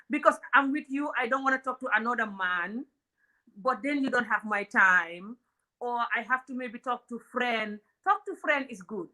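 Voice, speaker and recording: A woman's voice: fairly high pitch, pushed and bright. A woman from Africa hosting a comedic relationship talk, blunt and outspoken, often laughing. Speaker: host.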